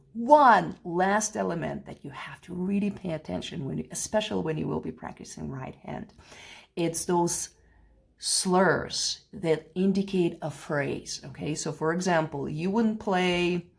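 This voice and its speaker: A woman's voice: fairly low pitch, unhurried, vocal fry, husky. A woman teaching a play-along piano lesson, patiently explaining phrasing and counting beats aloud, with light laughs now and then. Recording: piano heard faintly behind.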